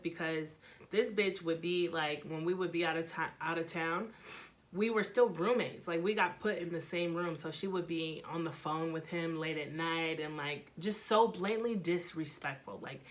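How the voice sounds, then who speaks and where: A young woman vlogger telling a dramatic personal story, animated and full of profanity. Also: low voice. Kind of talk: storytime vlog.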